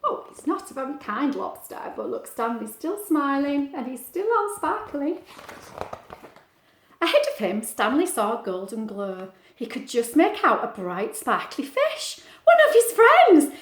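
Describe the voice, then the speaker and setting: A woman's voice: high-pitched, big pitch swings, unhurried, a bit bright, roomy sound, slight background noise. A woman, a teacher, reading a picture book aloud at home for children, chatty and asking them questions. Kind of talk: storybook read-aloud.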